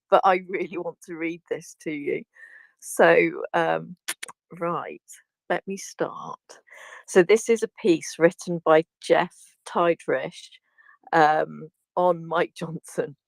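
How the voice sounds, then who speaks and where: A woman's voice: fairly low pitch, vocal fry, no room sound, rough recording. British woman reading gleefully. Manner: gleeful, laughing while reading a profane rant. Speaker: teacher, speaker in a live audio space. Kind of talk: casual chat, reading aloud.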